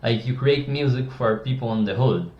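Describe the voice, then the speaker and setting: Outspoken male creator, mid pitch, casual advice to camera, echoey dull-sounding room. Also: normal speed. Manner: blunt, opinionated, with many restarts.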